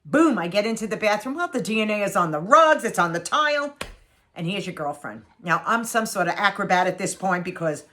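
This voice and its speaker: A woman's voice: medium pitch, sing-song, fairly quick, a bit bright. A woman in her sixties telling a home story to her viewers in a chatty, sarcastic way, repeating phrases for effect. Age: 60s. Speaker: vlogger. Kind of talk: casual storytelling to camera.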